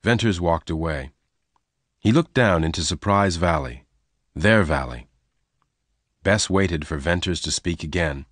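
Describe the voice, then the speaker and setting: A man narrating a simple story for English learners in short, clear sentences. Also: low-pitched, measured pace, long pauses, fairly bright tone, no room sound. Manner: simple, evenly paced sentences.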